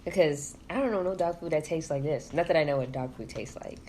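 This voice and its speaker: A woman co-hosts a casual podcast over a meal, mostly giving short, low-key replies. Her voice sits on the low side, with a faint hiss behind it. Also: a little fast, mellow. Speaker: podcast co-host. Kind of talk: casual chat while eating.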